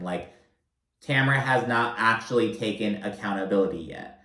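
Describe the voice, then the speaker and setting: A man's voice: fairly low pitch, moderate pace, pushed and bright, echoey room, rough recording. A man giving a casual recap of a reality TV episode, blunt, profane and sarcastic in his asides.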